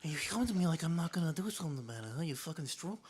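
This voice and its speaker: A man putting on the voice of an aging male mob boss in a hoarse, menacing whisper. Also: fairly high pitch, expressive, rapid-fire.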